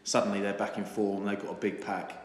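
Male co-host, fast and chatty, lowish, roomy reverb. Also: level tone. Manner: quick, jokey, chatty. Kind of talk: casual rugby chat. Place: rugby clubhouse. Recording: roomy clubhouse echo with long reverb.

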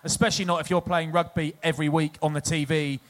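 English bloke rambling thru a story on a live podcast, voice a bit high, chuckling at himself. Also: male voice, little pitch movement, fast. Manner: chatty, rambling storyteller, laughs at own stories. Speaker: podcast co-host, former rugby player. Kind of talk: casual anecdote-telling before a live audience.

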